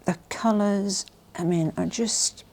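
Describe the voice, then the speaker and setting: A woman vlogger presenting a haul in a casual, gushing and emotional way, often dropping to soft whispers. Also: mid-range voice, takes it slowly. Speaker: fashion vlogger.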